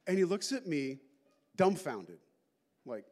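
A male pastor giving a conversational sermon, telling stories with lots of animated asides. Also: fairly high pitch, slow pace. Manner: animated storytelling with many asides.

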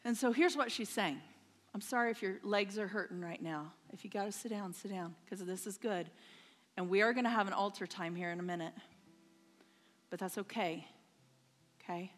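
A woman's voice: medium pitch, moderate pace, long pauses, in a large hall. A woman preaching a sermon in church, telling a story and checking in with the congregation. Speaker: pastor's wife preaching. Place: church sanctuary.

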